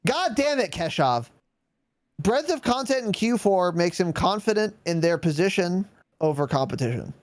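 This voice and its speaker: A man's voice: sits high, big pitch swings, moderate pace, no room sound. A man co-hosting a gaming podcast in casual chat, sarcastic and swearing freely as he mocks corporate statements. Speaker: podcast co-host.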